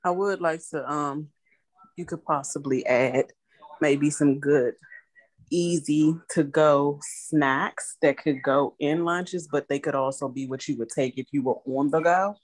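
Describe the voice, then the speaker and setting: A woman's voice: low-pitched, a little slow, dry recording. A woman taking part in a casual group video call, speaking in a plain, practical way. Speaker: participant on a group coaching call.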